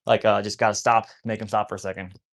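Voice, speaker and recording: A man's voice: on the low side, little pitch movement, fast talker. A man rambling casually to viewers on a live stream about rescuing wolfdogs, often cooing at his dogs.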